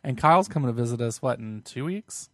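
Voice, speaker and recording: A man's voice: medium pitch, expressive, fairly quick, dry recording, clean studio sound. A young man co-hosting a casual podcast, playful and giggly. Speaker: podcast co-host.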